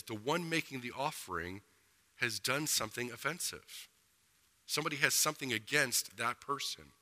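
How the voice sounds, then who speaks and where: Male pastor, earnest sermon delivery, bright cutting timbre, mid pitch, reverberant sanctuary sound. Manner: earnest preaching with slowed emphasis.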